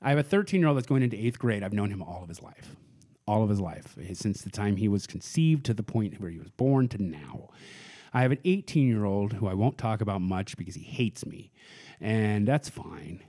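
A man's voice: on the low side, lively intonation, a little fast, warm tone. Rambling male comedian telling stories. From Portland, US. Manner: rambling storyteller, acts out voices of others. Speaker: comedian guest. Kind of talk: casual podcast chat.

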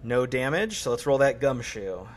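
A man acting as game master, handing out quick, encouraging rulings. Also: medium pitch, big pitch swings, slight background noise. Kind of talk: running a tabletop game.

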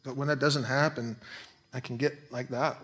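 A pastor preaching a sermon in a conversational way, breaking into quick asides. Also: male voice, mid-range voice, fairly even intonation, a bit bright.

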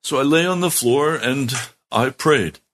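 A man's voice: mid-range voice, measured pace, fairly bright tone, slight background noise. A middle-aged man, a pastor, telling his testimony in a sermon, earnest and heartfelt with strong emphasis.

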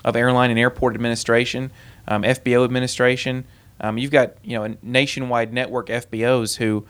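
A man co-hosting an aviation podcast who teaches at a college, talking with enthusiasm and frequent ums. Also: mid-range voice. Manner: enthusiastic, lots of ums and hedging. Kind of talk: casual podcast chat.

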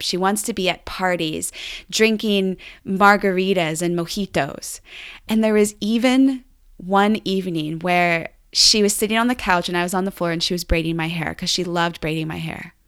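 A woman's voice: fairly low pitch, clear, resonant tone. Enthusiastic woman telling a story. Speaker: podcast host. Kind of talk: storytelling podcast narration.

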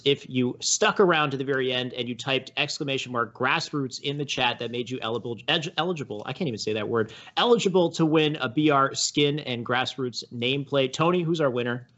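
A man's voice: mid-range voice, brisk. Laid-back male stream host, dull audio. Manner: relaxed, friendly, laughing easily. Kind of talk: casual stream interview.

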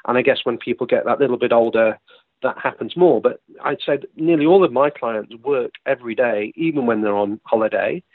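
A man's voice: medium pitch, brisk, no echo. A British man being interviewed as a guest, talking easily in long explanatory runs over a remote line. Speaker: yacht charter guest. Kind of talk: casual interview chat. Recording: tinny dry phone line.

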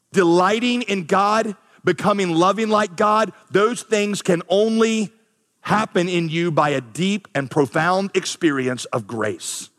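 A high-voiced man preaching to his church, lively and animated, jumping into quoted voices with big swings. His voice rings out through a large hall with a long reverb. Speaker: pastor. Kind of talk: sermon.

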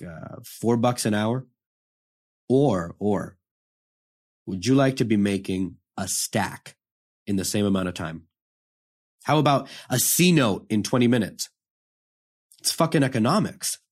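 Taking on the role of a hardened young male prisoner, an actor gives a confrontational monologue in profane street talk, bitter throughout. His lowish, slightly mellow voice has lively intonation, moves a little slowly, and pauses often.

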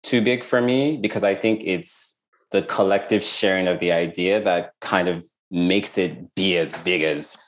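A man with a very low voice speaks as an interviewed artist. He talks in a reflective, searching way, restarting sentences and reaching for words as he goes. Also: unhurried. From Nigeria. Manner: reflective, with frequent restarts and "like" fillers. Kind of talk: casual interview conversation.

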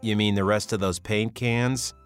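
A man's voice: on the low side, steady tone, moderate pace, soft background music, natural voice. A man voicing a heavy male factory security chief who speaks bluntly in an audiobook. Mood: exasperated.

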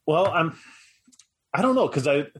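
Laid-back, husky-voiced man. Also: a little high, lively intonation, measured pace. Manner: laid-back, brief agreeing replies. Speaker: podcast co-host. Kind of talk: casual chat.

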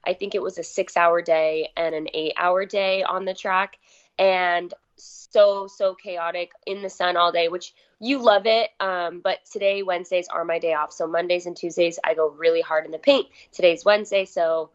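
A young woman guest in her twenties, a little hoarse, chatting casually with lots of "like" fillers. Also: fairly low pitch, fairly even intonation, moderate pace, dull audio. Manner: chatty, filler-heavy, uses "like" a lot. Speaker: guest athlete. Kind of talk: casual interview chat.

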